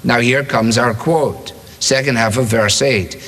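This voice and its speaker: A man delivering a sermon, emphatic and repetitive, slowing down to read out verses. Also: medium pitch, a bit bright. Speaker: preacher. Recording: long hall reverb.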